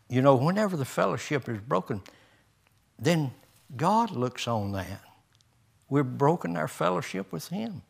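A man's voice: medium pitch, creaky, a bit bright. An older man, a pastor preaching a folksy sermon with homespun stories, chuckles and rising emphasis.

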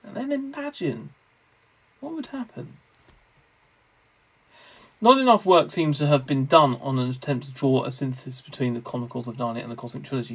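A man lecturing on theology in a measured, scholarly way, with the odd wry aside. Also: mid-range voice, vocal fry, breathy edge, poor audio.

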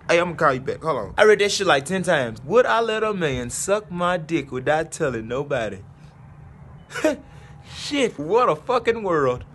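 A man in his twenties telling a comedy storytime, profane and animated, with loud outbursts. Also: high voice, slight background noise. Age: 20s. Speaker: comedy vlogger.

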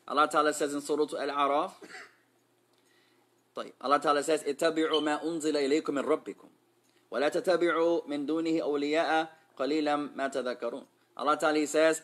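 A man teaching a class, his voice bright and forceful and a little higher than most men's. He jumps between Arabic and English, quizzes the room and slips in playful street slang. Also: fairly even intonation, very fast. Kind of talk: Islamic class lesson.

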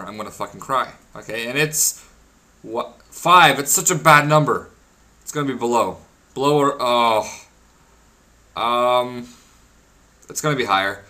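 A young man giving casual, crude gameplay commentary, excitable and quick to swear. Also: mid-range voice. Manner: excitable and crude, swears often, laughs and shouts at wins. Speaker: gaming video creator.

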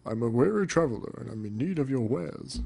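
A man voicing a weary, polite male traveler in a high, prim, formal tone. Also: animated, fairly quick, gravelly, mellow.

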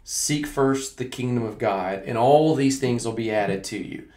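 A man's voice: medium pitch, measured pace, warm tone. A man hosting a podcast, chatting casually about faith, dropping jokes and then reflecting. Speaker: podcast host. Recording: roomy, echoey sound.

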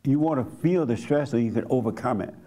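A man's voice: mid-range voice, brisk, dark tone. A man leading a church gathering, teaching in a blunt, colloquial way and putting questions to the congregation. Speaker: pastor.

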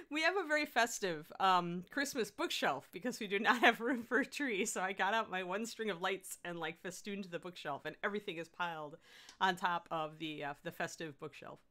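A woman's voice: moderate pace, pushed and bright. A woman hosting a casual livestream, chatty and giggly, rambling about her week. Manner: chatty, giggly, talks to her dog in high baby voice. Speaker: host.

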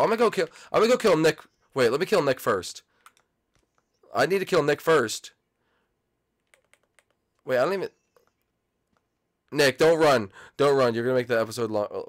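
A young man hosting a gaming channel, excitedly commentating his own gameplay and calling out to other players and viewers. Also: fairly high pitch.

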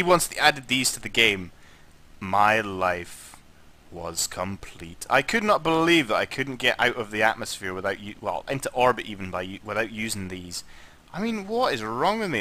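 A Scottish man, drunk, giving rambling, excitable let's play commentary as a gaming channel host and swearing a lot. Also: on the low side.

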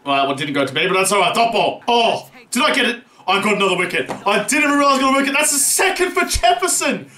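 A young man giving live gameplay commentary, excitable, swearing often and shouting at big moments. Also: high voice, fast, few pauses. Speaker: gaming channel host. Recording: roomy echo.

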